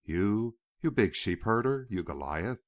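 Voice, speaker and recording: A man's voice: lowish voice, animated, measured pace. A male narrator voicing a proud, coquettish young city woman in an audiobook. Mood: poised.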